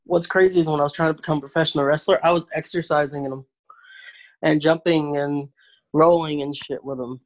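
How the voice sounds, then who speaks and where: A young man chats casually, telling stories with animated energy and plenty of swearing. His delivery stays loose and conversational. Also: fairly high pitch, brisk. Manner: animated, profane storyteller. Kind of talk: casual unedited chat.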